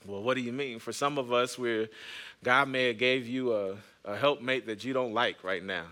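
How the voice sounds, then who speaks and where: A thirtysomething pastor's mid-range voice comes across bright and forceful, steady in tone at a moderate pace. Hosting his podcast, he gives a conversational sermon built on personal stories and jokes directed at the congregation.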